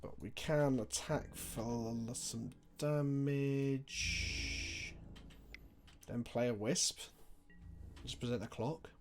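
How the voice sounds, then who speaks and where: A man's voice: mid-range voice, steady tone, slow pace, long pauses, darkish tone, soft background music. A young man chatting casually on a live stream, talking through his card game plays and answering viewer questions.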